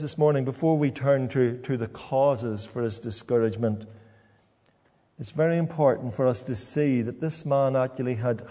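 A man preaching a sermon in a church, halting and repeating words as he talks. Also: a little high, warm tone, long reverb tail.

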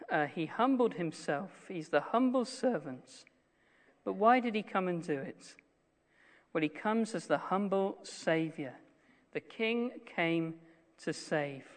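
A man preaching a sermon, earnest, slowing down and dropping his voice to stress key phrases. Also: sits high. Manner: earnest, slows and drops to a hush on key phrases. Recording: long reverb of a hall.

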